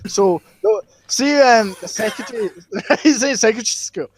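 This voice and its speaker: A young Scottish man telling a school story on a podcast, sweary and excitable, tagging "right?" onto his sentences. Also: sits high, moderate pace. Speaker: podcast co-host. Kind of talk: casual storytelling chat.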